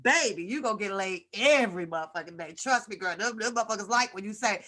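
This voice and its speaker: A woman's voice: mid-range voice, lively intonation, quick pace, fairly bright tone. A woman hosting a casual livestream, greeting viewers one by one and joking in a brash, profane way. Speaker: livestream host.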